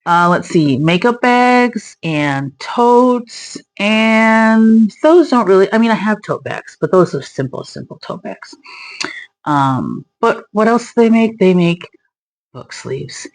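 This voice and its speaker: A woman's voice: medium pitch, lively intonation, slow. A young woman chatting casually as a craft vlogger, rambling with many fillers and trailing off mid-thought. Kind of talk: casual chat.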